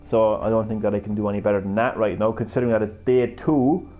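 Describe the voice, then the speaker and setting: Sweary gamer ranting over game music. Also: male voice, on the low side, fast, phone-quality sound. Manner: excitable, profane, sarcastic trash talk. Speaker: gaming streamer. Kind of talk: live gameplay commentary.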